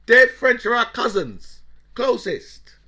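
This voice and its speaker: A man's voice: very high voice, very animated, takes it slowly, pushed and bright. A man delivering an angry, sarcastic political rant, constantly checking in with "right?" and mocking his opponents. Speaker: political commentator.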